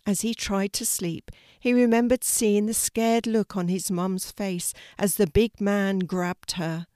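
An older woman narrating a children's story in a gentle, slow, soothing reading style. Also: on the low side, no room sound, studio quality.

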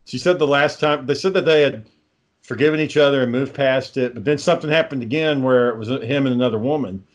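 A man's voice: medium pitch, fast talker. Man, swears a lot, rambling stories, chuckles, casual chat. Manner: profane, rambling, laughs while telling stories.

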